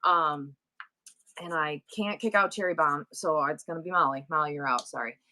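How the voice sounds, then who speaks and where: A woman in her forties hosts a live-stream sale in a loose, chatty way. She breaks into rapid auctioneer-style counting, reeling off numbers in quick runs. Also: deep voice, background noise. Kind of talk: casual live-stream chat.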